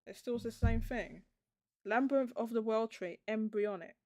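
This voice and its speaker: A woman hosting a casual livestream chat, thinking aloud with halting restarts as she works something out. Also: on the high side, a little mellow. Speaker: show host.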